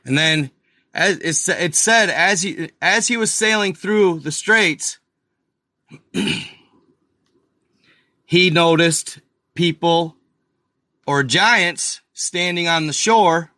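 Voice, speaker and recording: A man's voice: on the high side, slow pace, long pauses, sharp tone, no echo, studio quality. A man hosting a casual screen-share video, talking straight to his viewers with restarts and frustrated asides. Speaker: video host.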